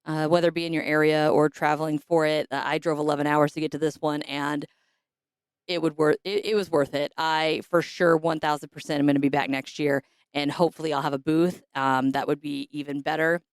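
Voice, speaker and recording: A woman hosting a podcast who is hoarse and raspy, chatting casually and rambling with fillers. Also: low-pitched, flat delivery, brisk, no echo, clean studio sound. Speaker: podcast host.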